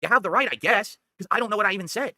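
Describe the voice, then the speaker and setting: A man's voice: high-pitched, expressive, racing, pushed and bright, no echo. A middle-aged man rambling defensively through a story in casual chat, often checking in with "okay?". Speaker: streamer telling a story.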